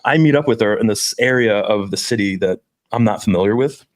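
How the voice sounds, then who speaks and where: A man's voice: fairly low pitch, a little fast. A man telling casual, profane stories on a men's dating podcast. He swears a lot and acts out the people he quotes. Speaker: podcast co-host.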